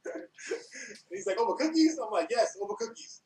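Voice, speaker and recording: A man from New York, a guest on a podcast, telling stories with laughter and acted-out quotes in a relaxed chat. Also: high voice, normal speed. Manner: animated, acts out quotes, laughs often. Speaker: podcast guest, former wrestler. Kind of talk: casual storytelling chat. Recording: roomy, from a distance.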